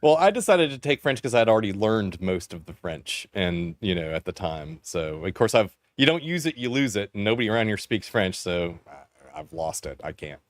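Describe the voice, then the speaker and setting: A man from Canada, his voice sitting low, talks through a long anecdote in a loose, rambling way. He laughs often between lines. The sound is dry and close. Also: very animated, normal speed, dry recording. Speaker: podcast co-host. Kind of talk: casual chat.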